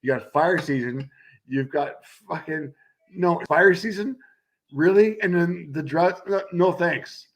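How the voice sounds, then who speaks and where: A man's voice: on the high side, takes it slowly. A man from Canada co-hosting a casual betting stream, bantering loosely and swearing a lot. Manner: swearing, laid-back banter. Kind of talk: casual chat.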